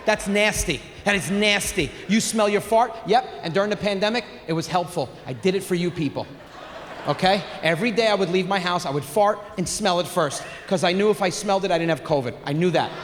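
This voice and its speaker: A man in his forties doing a crude, animated stand-up comedy set on a theater stage, with shouted punchlines. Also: sits high, fast, slight background noise. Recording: live theater recording with long reverb.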